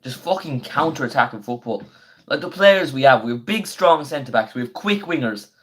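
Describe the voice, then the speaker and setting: A young man, his voice going hoarse, chatting casually on a live football watchalong and breaking into excited play-by-play of the action. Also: mid-range voice. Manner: chatty and slangy, bursts into quick excited play-by-play. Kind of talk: casual live stream chat with match commentary.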